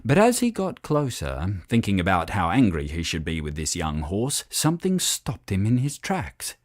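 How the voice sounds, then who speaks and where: A man narrating a children's story in an expressive, playful reading style. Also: low voice, normal speed, dry recording, clean studio sound.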